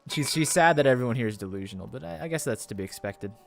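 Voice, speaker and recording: A man's voice: medium pitch, animated, fast talker, creaky, faint music behind. A man streaming a game for the first time, chatting casually and rambling with a self-deprecating humor. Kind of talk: casual commentary while gaming.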